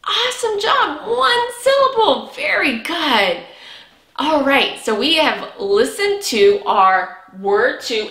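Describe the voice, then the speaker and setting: A woman teaching a preschool reading lesson, speaking cheerfully with drawn-out words and lots of praise. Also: on the high side, fairly bright tone. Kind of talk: slow, sing-song lesson for young children. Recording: echoey room.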